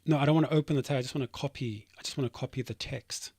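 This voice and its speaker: A man's voice: mid-range voice, fairly even intonation, racing, a little mellow, dry recording, clean studio sound. A developer streamer talking casually to his chat, reading comments aloud with dismissive, rambling asides.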